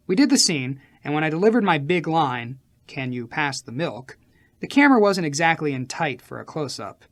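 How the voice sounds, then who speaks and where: Animated man reading a memoir aloud. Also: on the high side. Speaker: audiobook narrator. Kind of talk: first-person memoir reading.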